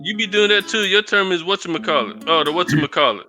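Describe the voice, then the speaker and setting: Teasing co-host from the South, very bright tense voice, a bit high. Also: male voice, animated, fast talker, soft background music. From the American South. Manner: teasing, joking. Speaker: podcast co-host. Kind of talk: casual chat.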